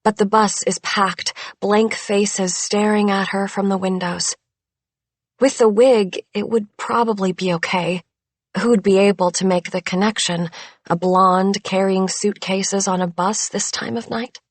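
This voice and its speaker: A woman narrating a thriller audiobook in a measured, suspenseful way, close to a studio mic. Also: mid-range voice, steady tone, no echo. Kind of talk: scripted narration.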